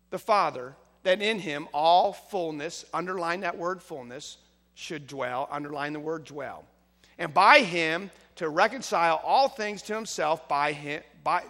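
High-voiced bright preacher in a hall. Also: male voice. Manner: preacherly, swings from quiet to loud emphasis. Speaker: pastor. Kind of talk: sermon.

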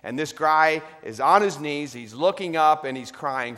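A man preaching a sermon, retelling a story with dramatic swings between loud, lively passages and hushed ones. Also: fairly high pitch, a little slow, hardly any pauses. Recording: long reverb of a large hall.

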